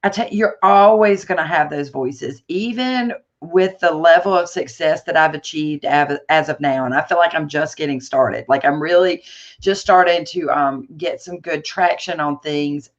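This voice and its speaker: Woman interview guest, lively storyteller, restarts a lot, muffled lo-fi audio. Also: low voice, moderate pace. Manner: animated storytelling, many fillers and restarts. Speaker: guest entrepreneur. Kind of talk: conversational interview.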